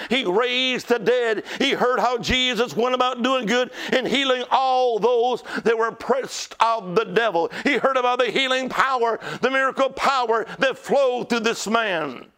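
A male pastor delivers an emphatic sermon with a very high, smooth and clear voice. He keeps asking rhetorical questions and leads call-and-response with his congregation. Pauses and repetition drive his points home. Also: a bit bright.

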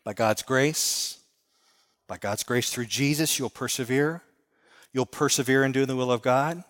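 A middle-aged man preaching a sermon, earnest and storytelling, circling back on his phrases. His voice sits at an ordinary pitch and carries a long reverb from a large hall. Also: unhurried, fairly bright tone. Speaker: pastor.

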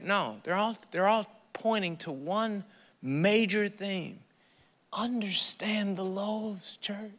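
A man preaching a sermon as pastor, animated and conversational, with playful asides to the congregation. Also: high-pitched. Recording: long hall reverb.

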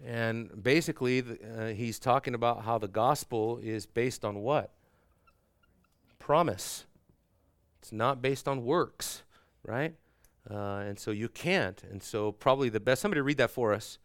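A man gives a theology lecture to a class in a loose, conversational way. He fills pauses with fillers and keeps asking the room rhetorical questions. His voice sits in a middle register and sounds dry, with little room around it. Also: medium pitch, clean tone, dry recording. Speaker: theology teacher.

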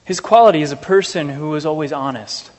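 A man with a fairly high voice preaches an earnest, measured sermon to a congregation. His voice carries a long reverb, as if from a church sanctuary. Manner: earnest, measured, anecdotal asides. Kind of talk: sermon with scripture reading.

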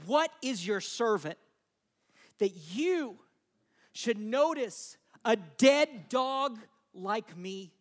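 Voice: medium pitch, animated, drawn-out words. A preacher voicing a terrified exiled nobleman and his panicked, rambling thoughts in a sermon retelling. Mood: bewildered.

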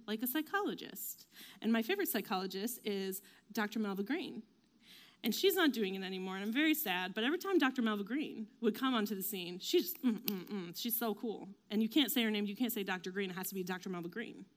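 A woman giving a casual faith talk, chatty and self-deprecating, with lots of fillers and quick acted-out quotes. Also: mid-range voice. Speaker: devotional speaker.

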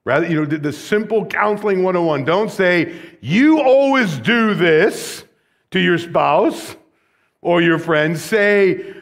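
A man's voice: high-pitched, expressive, takes it slowly. A man preaching a sermon, moving between conversational asides with light humor and more intense, rising delivery when he reads scripture and asks rhetorical questions. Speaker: pastor.

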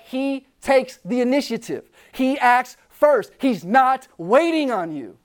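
An impassioned youth preacher addresses a room of students in a voice of middling pitch. The sermon is emphatic, with lines repeated for weight and questions put straight to the listeners. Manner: talks directly to the listeners, with questions.

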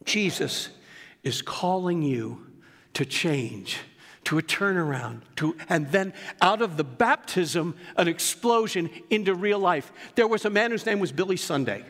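A man's voice: sits high, lively intonation, unhurried, fairly bright tone, in a large hall. A male pastor delivering a sermon in an earnest, emphatic way, mixing scripture with personal stories. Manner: earnest, emphatic preaching with storytelling asides.

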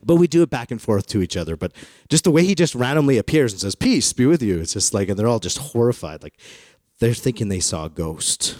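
Brief: male pastor, playful jokey sermon delivery, mid-pitched voice, dry close sound. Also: expressive, quick pace, darkish tone, no room sound. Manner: playful, jokey storytelling with acted-out quotes.

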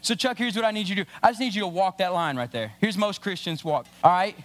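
A pastor with a drawl preaches from the front of a church, his voice sitting unusually high for a man. He acts out small scenes in animated bursts, then drops to a quiet, earnest hush. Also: quick pace, hardly any pauses. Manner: animated preaching, acts out little scenes, swings from loud to hushed. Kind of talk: sermon. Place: church sanctuary.

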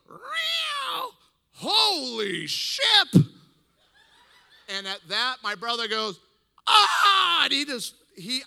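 A man speaking to a men's gathering, telling a funny story in an animated way, laughing and acting out voices. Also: high voice, big-room sound. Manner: animated, acts out quoted voices, laughs often. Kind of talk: humorous storytelling talk.

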